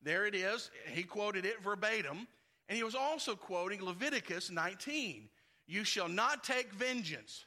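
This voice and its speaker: Male pastor, high and very bright voice, chatty sermon delivery with playful asides. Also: animated, normal speed. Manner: conversational preaching with playful asides.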